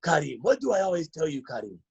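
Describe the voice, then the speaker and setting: A man's voice: fairly high pitch, very animated, fast talker, gravelly, husky, lo-fi sound, pitched above the performer's own voice, full character voice. A man voicing a wise older Nigerian father with a Nigerian accent, who urges a young athlete and keeps repeating his name. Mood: urging. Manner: repeats the name, emphatic and urging. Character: wise older Nigerian father, a teammate's dad, insistent and encouraging.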